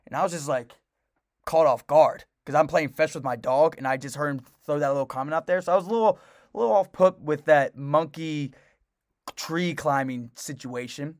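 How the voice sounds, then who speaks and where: A man's voice: a little high, normal speed, no echo, clean studio sound. A young man co-hosting a casual podcast, telling a long story in a rambling way with lots of restarts. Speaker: podcast co-host. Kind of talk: casual chat.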